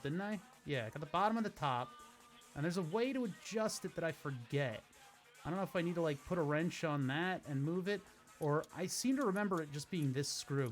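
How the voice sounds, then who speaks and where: A man streaming a car-repair game, chatting casually and telling a long story while he works, often restarting his sentences. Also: a little high. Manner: rambling, self-interrupting storyteller. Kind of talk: casual gameplay commentary. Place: home streaming setup. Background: game music playing faintly.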